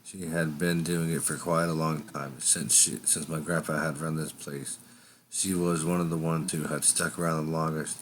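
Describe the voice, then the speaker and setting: A man's voice: rumbling low, little pitch movement, normal speed, slight background noise. A man telling an improvised first-person story in a rambling, conversational way. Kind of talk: improvised fiction narration.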